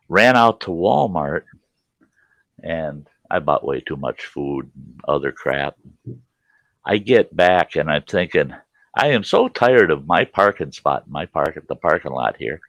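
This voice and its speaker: A man's voice: low voice, no echo. A middle-aged man telling a salty, folksy story to his livestream chat, laughing often. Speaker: livestream host. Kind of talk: casual storytelling to a live chat.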